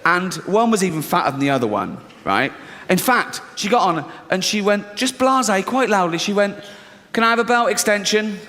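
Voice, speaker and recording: An English stand-up comedian tells a story in a brash, profane, mock-incredulous style. His high-pitched voice is pushed and bright, swinging widely in pitch at normal speed. It's a live stage recording from a comedy venue, with a reverberant hall and audience ambience.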